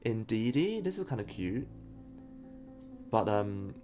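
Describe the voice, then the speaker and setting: A man's voice: lowish voice, very animated, slow pace, over music. A man streaming live as he opens trading card packs, reading chat aloud and fumbling over names. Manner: chatty, reacts to pulls and reads chat; unsure of pronunciations, laughs often. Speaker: streamer opening trading cards.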